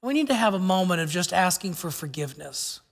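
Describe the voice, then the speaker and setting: Pastor guy preaching, high bright voice, big reverby church hall. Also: animated, vocal fry. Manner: earnest, slows down to stress words. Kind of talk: sermon. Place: church sanctuary.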